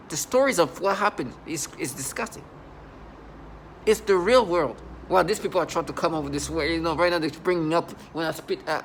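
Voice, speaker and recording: Agitated rambling man, somewhat high voice. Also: slight background noise. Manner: agitated, rambling, repeats himself. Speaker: channel host. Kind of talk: unscripted monologue to camera.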